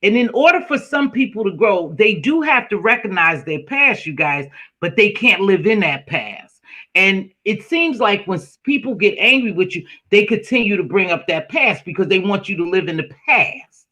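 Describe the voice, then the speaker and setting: A man's voice: high-pitched, animated, moderate pace, pushed and bright. A man hosting a casual online panel chat over a video call, reflective and speaking straight to his viewers. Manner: reflective, addresses viewers directly. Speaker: host.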